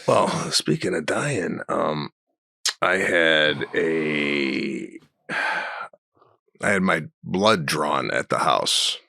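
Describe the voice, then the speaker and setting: A middle-aged man with a deep, gravelly voice speaks close to the mic in a dry studio. He tells stories deadpan on a comedy podcast and keeps asking incredulous questions. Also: extremely slow, long pauses, no echo. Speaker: podcast co-host. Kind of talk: casual comedic chat.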